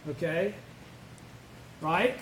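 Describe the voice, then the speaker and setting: A man's voice: fairly high pitch, steady tone, drawn-out words, a bit bright. A man leading an informal Buddhist study lecture, blunt and emphatic, who keeps putting questions to the group. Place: indoor meeting room, live-streamed. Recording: echoey room with faint noise.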